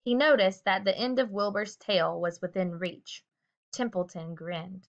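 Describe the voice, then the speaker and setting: A woman narrating a children's book aloud with a steady, expressive reading. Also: medium pitch, a little slow. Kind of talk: storybook read-aloud. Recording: dull lo-fi recording.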